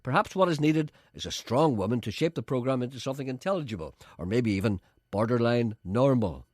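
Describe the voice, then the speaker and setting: A man's voice: mid-range voice, animated, a little fast, darkish tone, dry recording, clean studio sound. A man presenting a comic radio show in a sardonic, rambling, mock-grandiose way. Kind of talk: comic radio monologue and banter.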